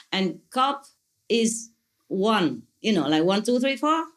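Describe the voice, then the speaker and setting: A woman's voice: medium pitch, lively intonation, slow pace. Woman, spiritual teacher; playful, gushing, laughs often; imperfect English. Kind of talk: answering questions at a gathering.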